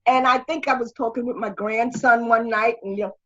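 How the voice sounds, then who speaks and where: An older woman with a husky, breathy voice pitched a little high, heard over a dull, lo-fi video-call line. She talks in a rambling way, restarting her sentences often as a webinar guest. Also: moderate pace, hardly any pauses, fairly bright tone. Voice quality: husky, strained voice after throat surgery. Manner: rambling, with many restarts and fillers. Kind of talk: conversational interview.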